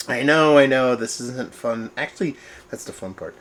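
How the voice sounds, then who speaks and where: A man's voice: medium pitch, normal speed. Chatty man hosting a beer review. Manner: chatty, rambling, self-mocking, animated. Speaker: beer reviewer, show host. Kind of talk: casual beer review vlog. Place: at home, indoors.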